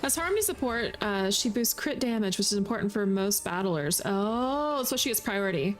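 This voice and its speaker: A woman's voice: mid-range voice, animated, moderate pace, faint music behind. A woman VTuber streamer chatting casually as she plays a game, reacting aloud and laughing often. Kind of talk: casual gameplay commentary.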